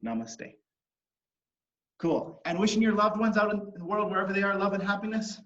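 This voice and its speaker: Talking fast with fairly even intonation, this kids' martial arts instructor has a voice that sits high and sounds a bit bright. He shares a story with his online class in an upbeat, encouraging way, captured as roomy, distant lo-fi livestream audio.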